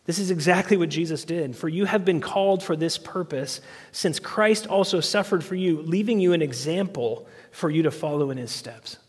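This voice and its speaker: A man's voice: on the high side, moderate pace, slightly rough, big-room sound. A man preaching a sermon as pastor, earnest and asking the congregation questions as he goes.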